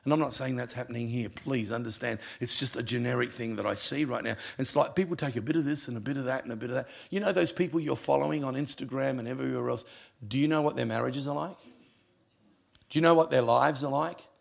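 A male pastor, preaching a sermon with punchy humour and sudden drops to quiet. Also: medium pitch, fast talker, gravelly.

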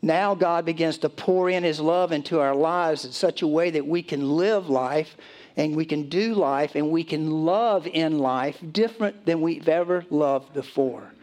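A middle-aged man preaching a sermon as pastor, reading scripture slowly and deliberately, then talking to the congregation in a conversational way. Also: fairly high pitch, a little mellow.

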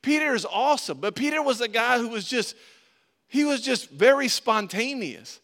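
A man with a high voice preaches in a relaxed, talkative manner. He addresses his listeners directly and breaks off and restarts his sentences often. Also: normal speed. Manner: conversational, animated preaching with frequent restarts. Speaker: pastor. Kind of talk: sermon.

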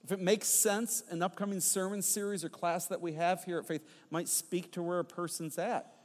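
Preaching to his congregation, a middle-aged pastor tells stories in an animated, playful way and throws in teasing asides. His voice is a little high for a man, he speaks at a normal pace, and the long reverb of a church sanctuary fills the sound.

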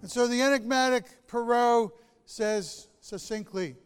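High-voiced pastor preaching in a reverberant hall. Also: male voice, smooth. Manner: animated storyteller, dramatic pauses. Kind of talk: sermon.

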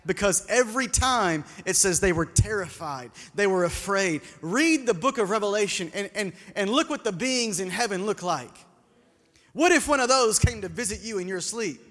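A man's voice: high voice, a bit bright. A man preaching a sermon in a church, speaking conversationally, asking the congregation questions and repeating words as he restarts. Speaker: pastor. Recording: long hall reverb.

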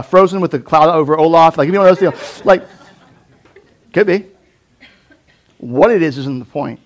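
A man preaching a casual sermon, talking conversationally with many fillers and questions to the audience. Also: mid-range voice. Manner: animated, conversational, lots of "like", asks the audience questions. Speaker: pastor.

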